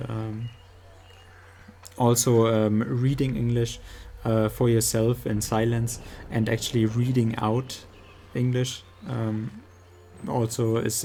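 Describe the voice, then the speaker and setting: A man with a strong German accent, speaking English as a second language, chats casually while he plays a game. His voice is gravelly and mellow, and he pauses often, feeling around for the right words. The delivery is easygoing and unhurried. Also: mid-range voice, slight background noise. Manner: halting, searching for words. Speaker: streamer. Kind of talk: casual chat while gaming.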